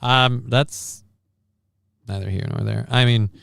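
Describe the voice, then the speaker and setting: A man hosting a casual live stream, reading out a news story and viewer comments with wry, deadpan asides. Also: mid-range voice, takes it slowly, vocal fry, clear, resonant tone. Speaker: stream host.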